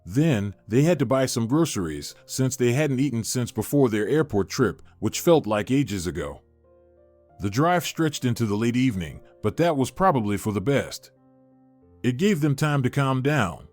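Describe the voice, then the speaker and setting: A man narrating a family story in a steady storytelling manner. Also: medium pitch, moderate pace, faint music behind. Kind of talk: scripted narration.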